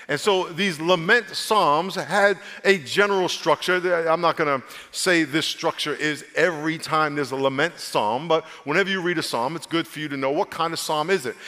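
A male pastor preaching a lively, humorous sermon, drawing his congregation into call-and-response. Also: fairly high pitch. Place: church sanctuary. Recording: long reverb of a church hall.

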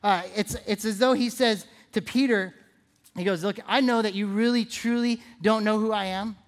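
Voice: medium pitch, fairly even intonation, moderate pace. Conversational, playful preacher in church. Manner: conversational, playful, asks the audience questions; repeats phrases for emphasis. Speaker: pastor. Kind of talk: sermon.

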